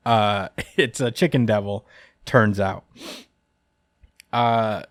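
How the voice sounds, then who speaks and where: A man's voice: on the low side, takes it slowly, dry recording, studio quality. A man hosting a podcast who recaps a manga chapter in casual chat. He rambles, chuckles often and fills his speech with "uh" and "like.". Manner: rambling and chuckling, many fillers. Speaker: podcast host.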